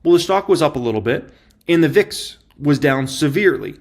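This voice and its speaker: Male host, fairly high voice, lots of swing in pitch, punchy and repetitive, casual commentary. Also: fairly quick. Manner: emphatic, repetitive, excitable. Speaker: stock market commentator. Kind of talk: casual market commentary to camera.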